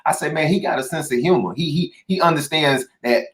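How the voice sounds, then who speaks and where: A man hosting a casual interview show, energetic and chatty, laughing easily with his guest. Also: on the high side, a little fast. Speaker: show host.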